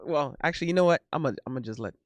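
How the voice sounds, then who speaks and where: A man streaming casual banter in a playful, animated way, breaking into silly sound effects. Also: a little high, rapid-fire, dry recording.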